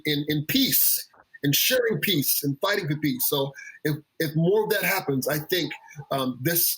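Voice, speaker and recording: A man's voice: on the high side, a bit bright, husky, low-quality recording. A man, a children's pastor, speaking earnestly in an interview conversation, often repeating words as he gathers his thoughts. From United States. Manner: earnest, halting, repeats words while thinking.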